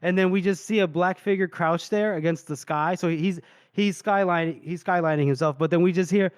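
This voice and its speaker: A man's voice: high-pitched, fairly quick, smooth, no echo, studio quality. A man co-hosting a podcast, casually retelling book scenes and acting out the characters' lines. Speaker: podcast co-host.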